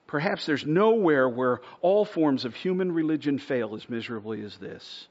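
A man in the pulpit preaching with earnest conviction, his voice sitting a little on the high side. He swells to near-shouts and sinks to soft, hushed emphasis. The recording is dull and lo-fi. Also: expressive, normal speed, few pauses. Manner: earnest preaching, swells louder to a near-shout at points, drops to a hush on key words. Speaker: pastor. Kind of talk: sermon.

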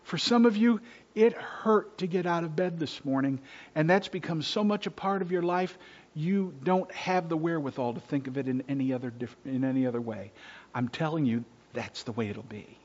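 A man preaching a sermon from the pulpit to his congregation, earnest, dropping to hushed near-whispers and rising on points of emphasis. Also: a little high, normal speed, highs cut off. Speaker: pastor. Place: church sanctuary.

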